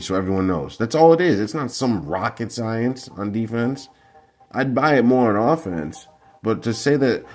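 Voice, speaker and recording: A football analysis vlogger breaks down game film in a heated, combative rant full of profanity. His deep voice carries a little mellowness.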